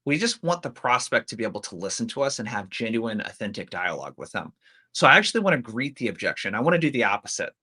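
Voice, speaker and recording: A man's voice: mid-range voice, sing-song, fast, sharp tone, breathy edge. A man, a sales expert, explaining a technique step by step in an interview.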